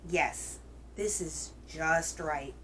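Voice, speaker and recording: A woman's voice: sits low, very slow, pushed and bright, slight background noise, voice pushed down, exaggerated voice. Chirpy picky little girl a mom voices, storybook style.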